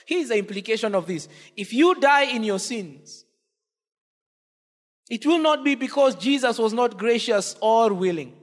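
A man's voice: very high voice, lively intonation, a little slow, in a large hall. A man preaching a sermon from a pulpit, impassioned, his voice swelling on repeated cries and appeals. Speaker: pastor. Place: church with long reverb.

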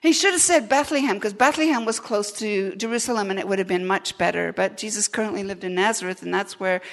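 A woman's voice: mid-range voice, fast. A woman preaching a conversational sermon, joking and asking the congregation questions. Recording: long reverb of a large hall.

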